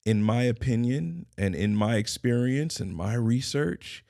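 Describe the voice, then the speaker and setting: Gravelly-voiced middle-aged man, emphatic. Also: mid-range voice, animated, unhurried, mellow, dry recording, clean studio sound. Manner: emphatic, declarative, repeats key phrases. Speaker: podcast host and consultant. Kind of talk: scripted motivational monologue.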